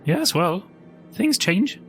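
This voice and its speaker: A man's voice: high-pitched, very animated, takes it slowly, fairly bright tone, soft background music, pitched above the performer's own voice, full character voice. A man playing an earnest, persuasive adventurer. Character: earnest adventurer, a diplomatic party leader.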